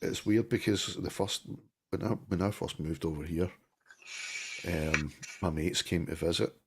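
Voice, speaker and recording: A man's voice: low-pitched, steady tone, unhurried, vocal fry, breathy edge. A middle-aged man from Clydebank with a Glasgow-area Scottish accent, telling stories on a casual live-stream chat and swearing freely. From Scotland, Clydebank near Glasgow. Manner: storytelling, swears freely, restarts a lot. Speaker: co-host.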